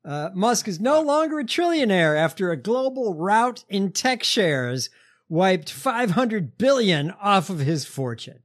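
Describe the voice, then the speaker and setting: Podcast host, male, slightly higher voice, halting casual delivery. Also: big pitch swings. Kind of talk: casual chat.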